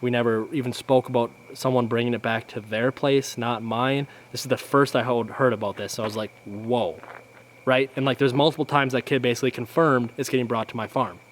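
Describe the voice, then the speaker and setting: A man's voice: medium pitch, steady tone, quick pace, hardly any pauses, slight background noise. A man vlogging to camera, telling a frustrating story in an exasperated, rambling way with frequent restarts. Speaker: outdoors channel vlogger.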